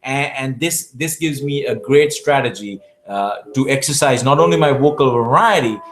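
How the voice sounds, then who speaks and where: A man's voice: medium pitch, a bit bright. A man from Asia, answering viewer questions in a live Q&A, giving emphatic coaching advice and often restarting his words. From South Asia. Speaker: public speaking champion answering viewer questions.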